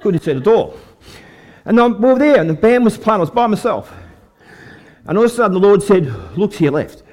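A man's voice: high voice, brisk. Folksy Australian man preaching. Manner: folksy storytelling, lively with the crowd. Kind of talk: testimony sermon.

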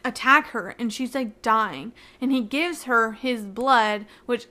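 Chatty young woman with a higher voice. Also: takes it slowly. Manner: chatty, heavy use of "like" fillers; excitable, avoids spoilers. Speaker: book reviewer. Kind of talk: casual book recap.

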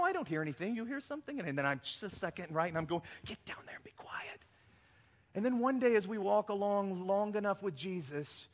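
High, bright-voiced pastor preaching in a hall. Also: male voice. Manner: conversational, animated storytelling with frequent "right?" asides. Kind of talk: sermon. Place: church sanctuary. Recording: long reverb of a large hall.

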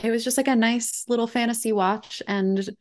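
A woman's voice: on the high side, fairly even intonation, moderate pace. A young woman co-hosting a podcast, chatting casually in an upbeat way with frequent laughs. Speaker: podcast co-host. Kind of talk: casual chat.

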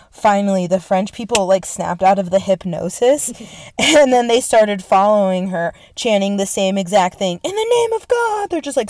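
A young adult woman retelling history in a casual, excitable way, swearing often and saying "like" and "right?" a lot. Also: mid-range voice, dry recording, studio quality. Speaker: storyteller.

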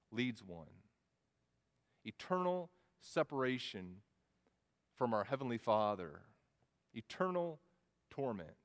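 A man preaching a sermon, earnest and repeating words as he goes. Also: mid-range voice. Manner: earnest, with frequent word repetitions. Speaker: pastor. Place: church sanctuary. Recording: long reverb of a church hall.

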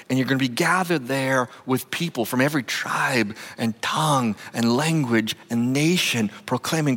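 A man pastor preaching a lively, conversational sermon full of restarts and asides. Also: mid-range voice. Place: church sanctuary. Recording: long hall reverb.

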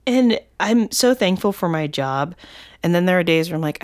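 Woman co-host, young adult, deep voice, candid and emotional, filler-heavy casual talk. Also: lively intonation, moderate pace. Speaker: podcast co-host. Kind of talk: casual podcast chat.

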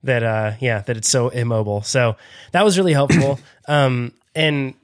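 A man's voice: mid-range voice, moderate pace. A man co-hosting a podcast in casual chat, talking loosely with many fillers and frequent laughs. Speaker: podcast co-host.

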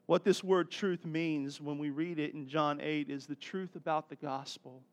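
Animated high-voiced male preacher. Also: moderate pace. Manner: laughs often, conversational. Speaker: pastor. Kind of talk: sermon.

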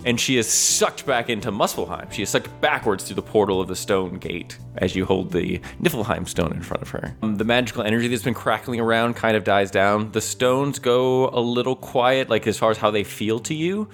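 A man's voice: lowish voice, normal speed, few pauses, faint music behind. A man running a tabletop game as game master, narrating loosely with fillers and laughs.

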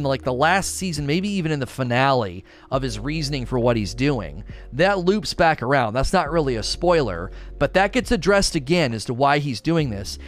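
Man giving a casual, animated spoken review. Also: fairly high pitch. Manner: many fillers and restarts. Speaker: show reviewer.

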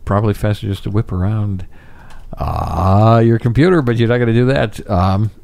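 A man's voice: moderate pace, vocal fry, darkish tone. A man on a comedy podcast who keeps slipping into impressions and silly character voices mid-sentence, and often laughs. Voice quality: voice can drop low and smoky. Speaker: impressionist and voice actor guest. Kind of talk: casual podcast chat with impressions.

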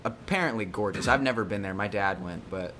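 Eager young man chatting fast. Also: fairly low pitch, pushed and bright, a little hiss or hum. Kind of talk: casual chat.

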